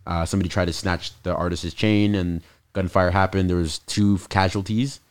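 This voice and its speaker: A man's voice: sits low, steady tone, moderate pace, clean tone, no echo, clean studio sound. A man co-hosting a casual podcast, laid-back, explaining stories and laughing easily. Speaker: podcast co-host.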